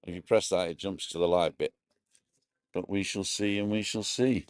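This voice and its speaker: A man's voice: low-pitched, steady tone, normal speed, no echo. A middle-aged man casually chatting on a live stream from a bar, greeting viewers by name and wearing earphones.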